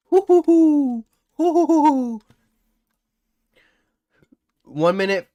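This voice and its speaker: A man's voice: sits high, fairly bright tone, no echo, studio quality. A man hosting a live trading stream, commentating charts and bantering with his chat in a teasing, boastful, slangy way. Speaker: livestream trading host.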